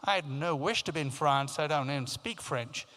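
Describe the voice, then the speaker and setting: A man in his fifties tells his life story at a conference, animated and anecdotal, slipping into the voices of the people he quotes. His voice sits a little high. The sound carries a long reverb from a large hall. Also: moderate pace. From Africa, raised in England. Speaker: keynote speaker. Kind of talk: storytelling talk.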